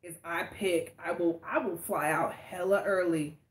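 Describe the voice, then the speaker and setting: A woman from the Los Angeles area co-hosting a casual podcast chat, animated and quick to laugh, trailing off into restarts. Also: lowish voice, roomy sound. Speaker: co-host.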